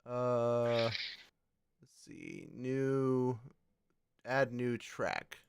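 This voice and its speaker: A man hosting a live stream chat, animated, laughing often and swearing casually while he edits audio. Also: medium pitch, extremely slow, background noise. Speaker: host.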